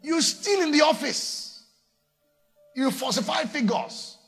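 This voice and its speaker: A man preaching a sermon, animated and theatrical, acting out little voices. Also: very high-pitched, measured pace, gravelly, long pauses, soft background music. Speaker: pastor.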